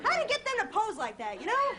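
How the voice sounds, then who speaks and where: A woman's voice: extremely high pitch, huge pitch swings, quick pace, a loud crowd. Wry young woman doing stand-up. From Long Island, New York. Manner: wry, self-deprecating. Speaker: stand-up comedian. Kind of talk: stand-up routine. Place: television studio stage. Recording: loud studio audience and noise.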